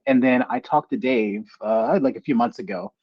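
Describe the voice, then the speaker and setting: A man working as a solution engineer, telling stories in a casual panel chat and acting out the people he quotes with big jumps in pitch. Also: normal speed, husky. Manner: animated storytelling, voices quotes with pitch jumps. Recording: lo-fi video call audio.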